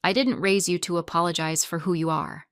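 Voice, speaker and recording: A woman's voice: lowish voice, steady tone, brisk, fairly bright tone, no echo, clean studio sound. A woman voicing a fierce, proud older mother who speaks emphatically.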